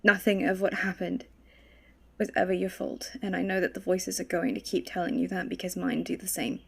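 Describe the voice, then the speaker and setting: A woman voicing a shaken young woman adventurer, speaking softly and haltingly with a husky voice. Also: fairly low pitch, little pitch movement, full character voice. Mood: tender. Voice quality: husky, gravelly. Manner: gentle, halting, soft-spoken.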